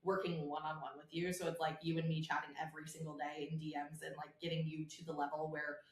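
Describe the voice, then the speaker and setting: A woman's voice: deep voice, little pitch movement, fast talker, reverberant. A woman guest on a podcast, a salon business coach, talking in a bubbly, chatty way and swearing freely. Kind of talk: casual podcast interview.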